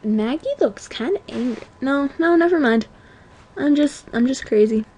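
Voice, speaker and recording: A teenage girl at home giving chatty, self-mocking commentary on a video game, often apologizing and breaking into excited outbursts. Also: sits high, moderate pace, a little hiss or hum. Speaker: let's play gamer. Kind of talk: casual gameplay commentary.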